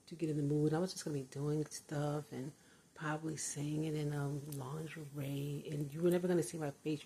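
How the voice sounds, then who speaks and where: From behind her closed bedroom door, a retired older woman rambles casually for her vlog and laughs frequently. She speaks in a low, somewhat mellow voice, with a little hiss or hum in the recording.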